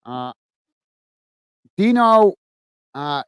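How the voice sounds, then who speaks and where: A man's voice: high voice, sing-song, extremely slow, clean tone, dry recording. Chatty man doing live commentary. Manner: chatty, greets viewers by name, many fillers. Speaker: host of a fan live stream. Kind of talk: live football commentary and chat reading.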